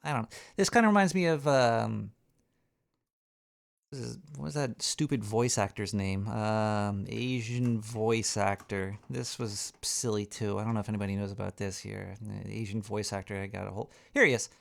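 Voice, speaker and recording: A man's voice: on the low side, steady tone, normal speed, vocal fry. A man hosting a talk show, ranting in a rambling, profane way with frequent stammering and restarts. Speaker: radio show host.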